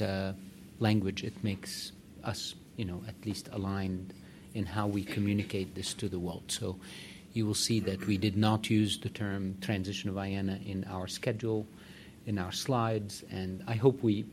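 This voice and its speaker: A man's voice: on the low side, slight background noise. A man executive giving direct, emphatic remarks to a meeting. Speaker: organization executive addressing a meeting. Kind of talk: conference remarks.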